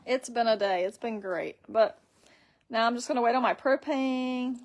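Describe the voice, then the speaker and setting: A woman's voice: on the high side, moderate pace. A woman hosting a casual live stream on her phone, rambling through her story and reading viewer comments aloud.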